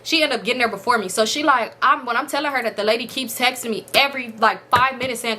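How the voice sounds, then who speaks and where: A woman's voice: a little high, fast. A woman in her twenties telling a storytime vlog story casually, swearing and acting out the dialogue. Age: 20s. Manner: animated, swears, acts out dialogue. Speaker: storytime vlogger.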